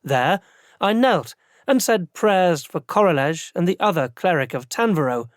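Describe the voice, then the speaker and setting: Male audiobook narrator, first-person, measured reading, dry studio sound. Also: high voice, animated, dry recording.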